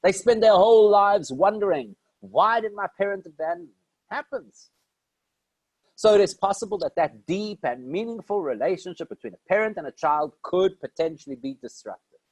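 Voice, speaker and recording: Rabbi teaching with rhetorical questions. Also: male voice, high-pitched, lively intonation, normal speed, a little mellow, dry recording, low-quality recording. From South Africa. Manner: conversational teaching, rhetorical questions answered himself. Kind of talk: Torah lecture.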